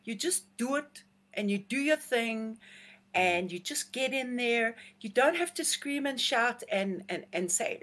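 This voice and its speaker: A woman, a singer-songwriter chatting as a guest in a casual interview, bubbly and quick to laugh. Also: fairly high pitch, animated, a bit bright.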